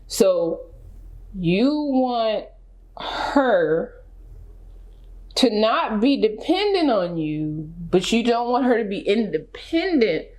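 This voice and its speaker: Speaking slowly with a fairly high pitch, this female vlogger reacts casually to things. She's emphatic and animated, and she leans heavily on rhetorical questions.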